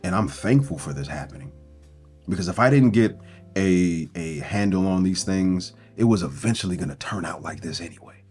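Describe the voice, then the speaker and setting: A man speaking as a breakup coach in a motivational self-help talk. He is earnest and builds his points through strings of rhetorical questions. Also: sits low.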